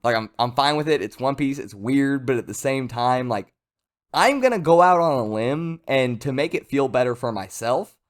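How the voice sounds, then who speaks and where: A man giving a casual, rambling video review of a comic chapter, chatty and lively. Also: mid-range voice, normal speed. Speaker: manga reviewer.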